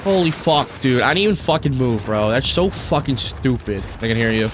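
A young man streaming a shooter game, commenting live with profane, excitable and frustrated outbursts. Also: mid-range voice, moderate pace, hardly any pauses, a little hiss or hum. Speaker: gaming streamer.

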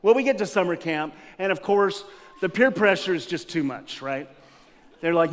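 High-voiced pastor in a reverberant church. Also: male voice, normal speed. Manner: lively storyteller who acts out scenes with laughter. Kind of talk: sermon with personal storytelling. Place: church sanctuary. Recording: long reverb of a church hall.

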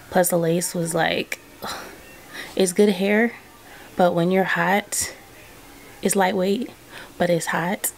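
A young woman talks to her camera at home in an easy, chatty way, her voice sitting a little low. She speaks straight to her viewers as friends. The audio comes from the camera, with household noise clearly audible behind her. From Southern California. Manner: chatty, laid-back, addresses viewers as girl and y'all. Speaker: vlogger. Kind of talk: casual chat to camera. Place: at home indoors. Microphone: camera on a stand.

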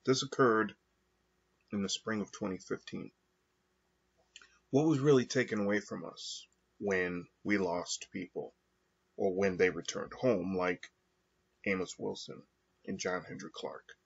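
A man talking through his thoughts alone in a slow, halting monologue with frequent pauses and fillers. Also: low-pitched, vocal fry, slightly rough. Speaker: podcast host. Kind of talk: reflective monologue. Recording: dull lo-fi recording.

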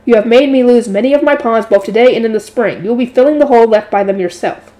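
A woman's voice: a little high, fast, dark tone, natural voice. A woman reading aloud and voicing a greedy, scheming fat nobleman who sneers at commoners. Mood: contemptuous. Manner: sneering, contemptuous.

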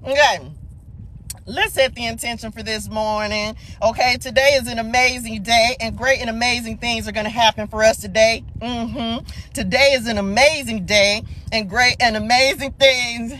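A high, bright-pitched woman hosting a live spiritual morning message, talking into her phone from inside a car. She is exuberant and chatty, bursting into laughter and calling out viewers by name. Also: steady tone, moderate pace, slight background noise. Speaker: spiritual livestream host. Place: sitting in a car.

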